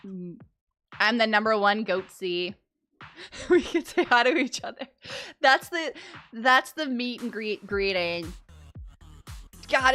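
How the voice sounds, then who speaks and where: Bright-voiced playful woman streamer. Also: a little high. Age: young adult. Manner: animated and playful, swears freely, laughs often. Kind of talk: casual livestream chat.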